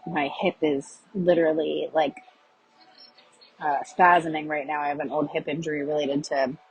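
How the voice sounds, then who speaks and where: A woman with a very husky, breathy voice sitting somewhat low in pitch. She talks through a confessional podcast monologue, halting and restarting often, with many fillers. A peppermint is in her mouth as she speaks. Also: poor audio. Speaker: podcast host.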